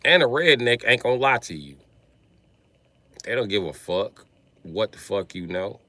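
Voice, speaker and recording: A man's voice: fairly low pitch, expressive, moderate pace, pushed and bright. A man ranting casually on a livestream, with profane, slangy, streetwise storytelling.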